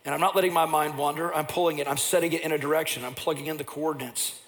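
Pastor guy preaching, kinda high voice, chatty stories then gets fired up. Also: fairly even intonation, quick pace. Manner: storytelling, swells to loud impassioned preaching. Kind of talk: sermon.

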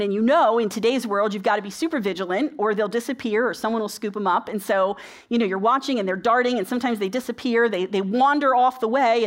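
A woman preaching a sermon in a conversational, storytelling way, asking the congregation rhetorical questions. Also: on the high side.

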